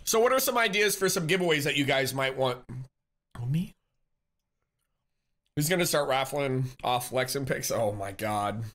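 A man's voice: medium pitch, expressive, normal speed, pauses often, fairly bright tone. A man live-streaming, chatting casually with viewers, reading chat, greeting people and laughing often in a teasing way.

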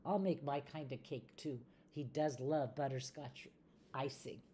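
A woman voicing a cheerful, literal-minded housekeeper in a children's storybook reading, matter-of-fact and bright. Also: rumbling low, unhurried, slightly rough, exaggerated voice.

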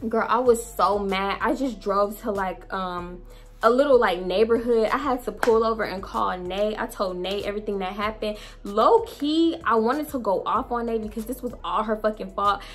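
A young woman vlogger telling a storytime tale in a blunt, profane, animated way, with faint music behind her. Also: medium pitch, moderate pace. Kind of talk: storytime vlog.

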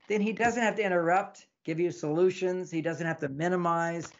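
A man's voice: sits high, a little fast, few pauses, highs cut off. A man, an author guest in an interview, explaining ideas in a teaching manner and acting out bits of dialogue. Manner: animated, acts out dialogues; teaching, repeats lists. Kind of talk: interview talk.

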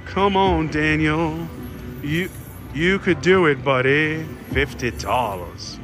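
A casino vlogger with a fairly high voice gives excited commentary while playing slots on the casino floor. Over the machines' music he jokes around, cheers the reels and yells at the machine, his mood swinging quickly.

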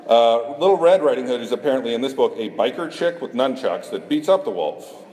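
A man's voice: mid-range voice, lively intonation, a little fast, a little mellow. A middle-aged man from Iowa, a cartoonist giving a self-deprecating conference talk, joking with the audience. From Iowa, USA. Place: conference hall. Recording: echoey hall, faint room noise.

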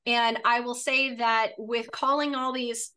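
A woman in her late forties from Florida, a real estate coach chatting in an upbeat, animated way. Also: fairly high pitch, measured pace. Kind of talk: casual coaching conversation.

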